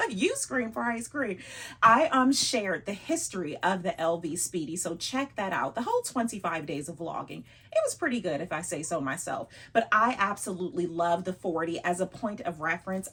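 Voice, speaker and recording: A woman's voice: on the low side, a bit bright, breathy edge. A woman vlogger chatting casually about her luxury bags, laughing often and teasing herself.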